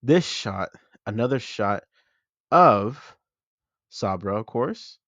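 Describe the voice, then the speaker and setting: A young man hosts a film channel in a dry, close recording with a somewhat muffled, dull sound. His voice sits on the low side as he chats excitedly through a trailer breakdown, often pausing to correct himself. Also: dry recording. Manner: excited, chatty, self-correcting fan talk. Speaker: movie channel host.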